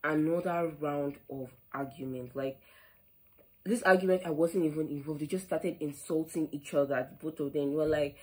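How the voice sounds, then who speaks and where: A young Nigerian woman with a Nigerian accent, telling an animated storytime vlog, full of quoted back-and-forth and "like". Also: deep voice, normal speed, poor audio. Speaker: vlogger.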